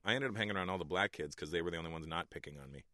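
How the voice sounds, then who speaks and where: A man's voice: low-pitched, rapid-fire, pushed and bright, no room sound, studio quality. A Canadian man in his forties, a comedian guest in a radio interview, talking in a laid-back, candid and blunt way.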